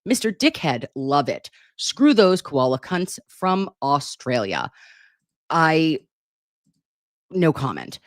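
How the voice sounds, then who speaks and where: A woman's voice: deep voice, sing-song, slow pace, no room sound, clean studio sound. A middle-aged woman hosting a casual livestream, chatting affectionately and reading out viewer comments at her desktop computer. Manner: chatty, affectionate, self-deprecating. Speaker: livestream host. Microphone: computer mic at a desktop.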